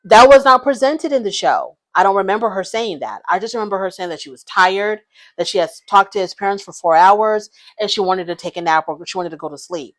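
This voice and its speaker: A woman's voice: medium pitch, a little fast, fairly bright tone. A woman giving casual, opinionated commentary on a reality show, frank and blunt.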